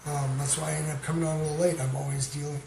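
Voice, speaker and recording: A man from Canada hosting a livestream, chatting casually and giving shout-outs to viewers, rambling with many fillers. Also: on the high side, level tone, very fast, vocal fry. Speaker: livestream host. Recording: roomy sound with background noise.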